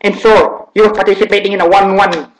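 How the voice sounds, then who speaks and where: A man's voice: high-pitched, flat delivery, natural voice. A man putting on a rambling Filipino-accented guy. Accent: put-on Filipino accent. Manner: rambling, halting, full of fillers. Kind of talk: comedic accent impression. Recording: echoey room.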